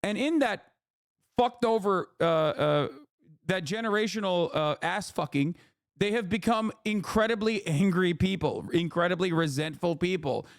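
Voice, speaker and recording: Running a live stream of political commentary, a man with a voice a little higher than most men's talks at normal speed. He is profane, ranting and emphatic, repeating himself often and throwing in plenty of "okay?" The close mic records him dry, with no echo.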